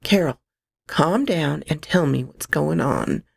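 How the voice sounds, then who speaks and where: A woman's voice: low voice, expressive, takes it slowly, gravelly, husky, no room sound, clean studio sound, exaggerated voice. A woman voicing a worried, breathless father firing off questions. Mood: alarmed. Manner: alarmed, questioning.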